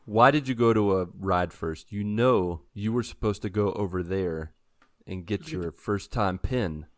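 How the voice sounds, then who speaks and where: A man's voice: on the low side, measured pace, dry recording. A man co-hosting a casual podcast who chimes in with teasing jokes. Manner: joking interjections, teasing. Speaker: podcast co-host. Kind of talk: casual chat.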